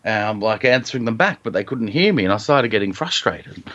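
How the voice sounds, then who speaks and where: An Australian man telling a personal story as a podcast guest, reflective and halting, with frequent ums and restarts. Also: on the low side, expressive, a bit bright, dull audio.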